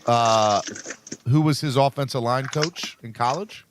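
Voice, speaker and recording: A man's voice: mid-range voice, measured pace, slight background noise. A man hosting a casual sports podcast, reading out news updates and laughing along with his co-hosts. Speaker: podcast host.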